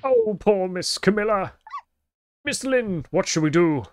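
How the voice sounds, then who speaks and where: Brief: man playing a loyal little dog as a loud, heroic superhero type for a game. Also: big pitch swings, measured pace, a little hiss or hum. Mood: worried. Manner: booming superhero delivery.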